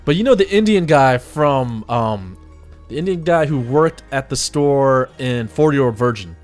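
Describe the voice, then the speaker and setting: A man's voice: medium pitch, expressive, measured pace, soft background music. A man hosting a radio show in casual chat, telling stories animatedly with frequent restarts and laughter.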